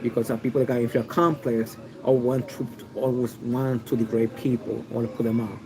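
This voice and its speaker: A man's voice: medium pitch, level tone, a little fast, a crowd in the background, low-quality recording. A man with a mixed New York City accent giving a rambling, opinionated talk on a livestream, full of restarts and fillers. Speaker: online video host.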